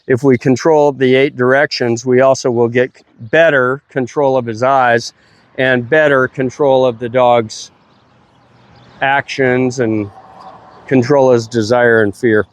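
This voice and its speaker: Slow-talking middle-aged dog trainer man. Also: fairly even intonation. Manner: unhurried explaining, breaking into high playful praise for the dog. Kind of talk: explaining training while working a dog. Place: outdoors at a kennel ranch.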